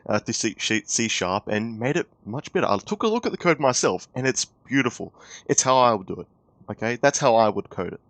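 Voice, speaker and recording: A man's voice: medium pitch, no echo. A young man giving a heated, profane commentary rant with exasperated outbursts. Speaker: YouTube commentator.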